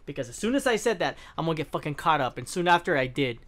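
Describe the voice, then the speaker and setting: A man's voice: on the high side, very animated, fast, fairly bright tone. A young man giving casual let's-play commentary, rambling, swearing freely and often trailing off mid-thought. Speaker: gaming channel host.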